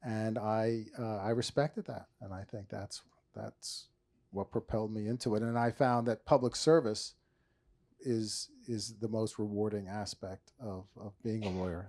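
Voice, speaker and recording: Halting middle-aged man telling stories. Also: fairly low pitch, steady tone, warm tone. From New Jersey. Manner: halting, with many restarts and dry humor. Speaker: author and former prosecutor. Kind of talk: conversational interview on stage.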